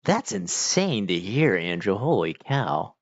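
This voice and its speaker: Slow and creaky, this lowish male voice swings widely in pitch. He's casually answering livestream chat, hesitating and rambling with lots of fillers and restarts, recorded on a dull, lo-fi, dry mic without echo.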